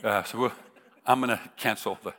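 A visiting American preacher in middle age tells a humorous sermon story casually, restarting often. His low-leaning voice is brisk, bright and forceful, carrying through a reverberant hall.

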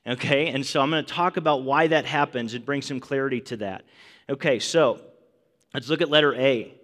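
Brief: animated preacher, high voice, chatty teaching in a reverberant hall. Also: male voice. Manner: conversational, animated with checking questions. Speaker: Bible teacher. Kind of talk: sermon teaching.

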